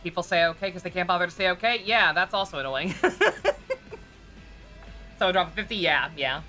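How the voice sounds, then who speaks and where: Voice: medium pitch, moderate pace, pushed and bright, soft background music. A streamer chatting casually while playing a game live, reading lines aloud, laughing often and grumbling wryly.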